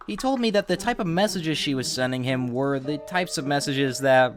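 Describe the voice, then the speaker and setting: A man's voice: fairly high pitch, lively intonation, moderate pace, hardly any pauses, soft background music. A young man hosting his own video channel, narrating a reaction video with dramatic, outraged exclamations. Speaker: YouTube host.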